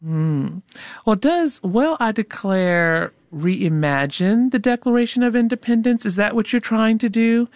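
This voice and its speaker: Dry measured radio host. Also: medium pitch, a little mellow, no echo. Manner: measured, friendly questioning. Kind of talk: radio interview.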